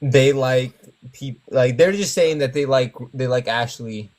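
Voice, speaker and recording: A young man hosting a livestream, giving relaxed, short replies over a video call. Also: mid-range voice, a little slow. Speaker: livestream host. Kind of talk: casual group chat on a livestream.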